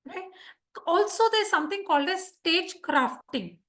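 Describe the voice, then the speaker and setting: A woman teaches public speaking to a live club, her voice high and bright with a husky edge. She keeps a lively, teacherly rhythm and keeps checking that her listeners follow. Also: unhurried. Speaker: Toastmasters speaker teaching speech craft. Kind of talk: live instructional talk to a club.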